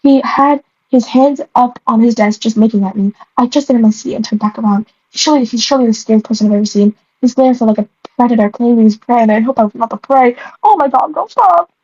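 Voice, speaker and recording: Reading from a story she wrote long ago, a young woman keeps fumbling the words and stopping to poke fun at them, laughing as she goes. She talks quickly with hardly any pauses, in a dark, slightly high voice with fairly even intonation. The sound is dry, dull, and lo-fi.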